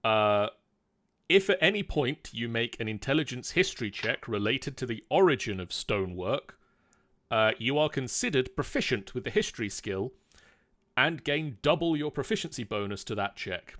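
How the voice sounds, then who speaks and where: A man's voice: medium pitch, moderate pace, dry recording, studio quality. A man acting as game master, patiently reading out rules while a player builds a character over a voice call. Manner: steady, patient rule-reading with fillers. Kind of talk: explaining rules during character creation.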